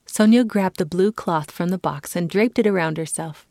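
A woman giving a calm, clear reading as the narrator of a children's story. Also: fairly low pitch, normal speed, dry recording, studio quality.

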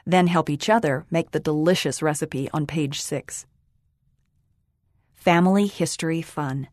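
Woman, scripted audio magazine reading, calm even delivery, lowish pitch, dry sound. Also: dry recording. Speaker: magazine reader.

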